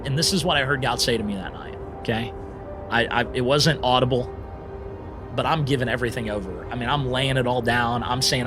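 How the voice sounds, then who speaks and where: An earnest man of middling pitch recounts his own story on a podcast, leaning hard on his words with lively emphasis. A faint bed of music plays softly underneath. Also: a little fast. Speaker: guest. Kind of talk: storytelling interview.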